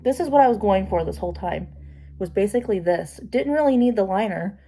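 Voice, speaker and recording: Mellow-voiced woman chatting through makeup. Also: medium pitch, lively intonation, fairly quick, slightly rough. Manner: chatty, talks to herself, self-deprecating asides. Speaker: makeup vlogger. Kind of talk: casual talk while doing makeup.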